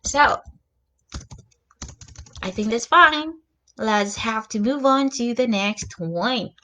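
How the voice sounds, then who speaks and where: A young woman teaches English words in a relaxed, unhurried lesson. Her voice sits a little high and moves through a wide, animated pitch range. She says each new word and example sentence again, now and then gasping or exclaiming for effect. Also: slight background noise. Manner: slow, repeats example words and sentences aloud. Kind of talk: casual vocabulary lesson.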